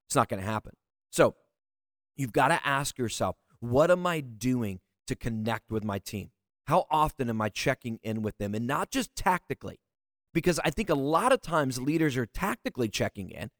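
A man in a mid pitch gives a motivational talk as a leadership coach. He speaks to his listeners directly and earnestly, often repeating a word as he pushes a point. The sound is dry and close, with no room echo. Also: lively intonation, brisk. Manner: earnest, direct, repeats words when emphasizing.

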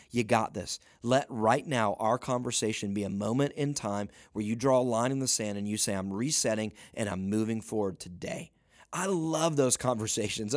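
A man's voice: mid-range voice, dry recording, clean studio sound. A man giving a motivational talk as a leadership coach, emphatic, often saying "listen" and pushing his voice up at the peaks. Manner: emphatic, repeats "listen", rising to near-shouting peaks.

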